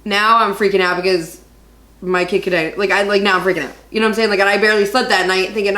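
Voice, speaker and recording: A woman co-hosting a podcast and telling stories in a rambling, animated chat. Her voice sits at an ordinary middle pitch. It rings a little in an echoey room. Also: quick pace. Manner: rambling, animated storytelling with laughs. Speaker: podcast co-host. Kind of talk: casual chat.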